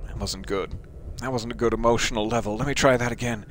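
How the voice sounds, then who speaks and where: A man's voice: medium pitch, steady tone, quick pace, hardly any pauses, a little hiss or hum. A man streaming a game, reading its files aloud and making joking, self-mocking asides. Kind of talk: casual gameplay commentary.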